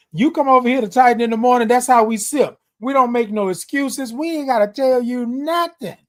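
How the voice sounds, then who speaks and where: A man hosting a live morning stream, talking casually with an affectionate, repetitive, preacher-like delivery and greeting viewers by name. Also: extremely high pitch. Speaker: host of a live morning show. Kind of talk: casual livestream talk. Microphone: streaming live on social media.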